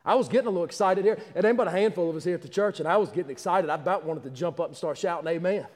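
In a livestreamed Easter sermon, this man races along in a darkish tone, his voice pitched high for a man. He insists fervently and repeats himself, frequently tripping and restarting lines, while a small church gives everything a long echo.

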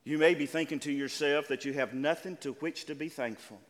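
An older male pastor delivering a sermon, his voice sitting a little high for a man. He calls out to the congregation and stretches key words slowly. The sound rings with a long reverb, as in a large church. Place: church sanctuary.

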